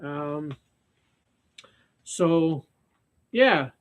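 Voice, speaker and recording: High-voiced man chatting while fly tying. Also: animated, extremely slow. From Canada. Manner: rambling, with frequent restarts and fillers. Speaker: fly-tying live stream host. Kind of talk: casual live stream chat while tying flies.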